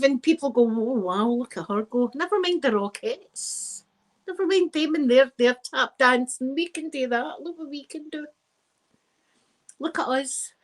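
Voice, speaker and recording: A Scottish woman hosting a casual live stream, chatting to her viewers in a rambling, lively way with plenty of asides. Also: on the high side, poor audio. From Scotland.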